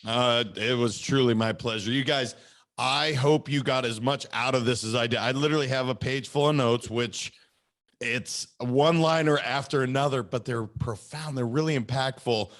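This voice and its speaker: A man's voice: medium pitch, normal speed, fairly bright tone. A middle-aged man hosting a podcast, enthusiastic and encouraging with his guest and listeners. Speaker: podcast host.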